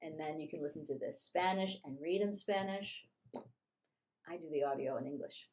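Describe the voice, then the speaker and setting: A woman teaching a beginner online language lesson, upbeat and repeating phrases slowly for learners. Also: low voice, a little mellow.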